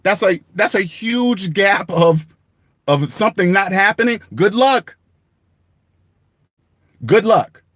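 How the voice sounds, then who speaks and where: A man's voice: high-pitched, animated, takes it slowly, pauses often, a bit bright, no echo, clean studio sound. A man giving blunt money advice straight to the camera in an emphatic, repetitive rant, swearing for emphasis and laughing at himself. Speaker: personal finance vlogger.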